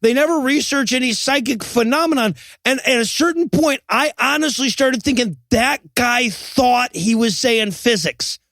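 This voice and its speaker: A man co-hosting a comedic movie review podcast, animated and mocking the film's lines. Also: very high voice, moderate pace, few pauses, no room sound. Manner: animated, mocks film lines with shouted quotes. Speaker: podcast co-host.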